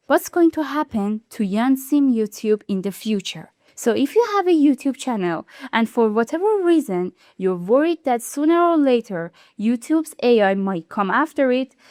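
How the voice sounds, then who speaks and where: A woman hosting a YouTube commentary in English, which is not her first language. She explains in an animated, indignant way and laughs now and then. Her voice sits fairly high, and the recording is dry and close. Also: no echo. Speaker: YouTube channel host. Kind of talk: video commentary.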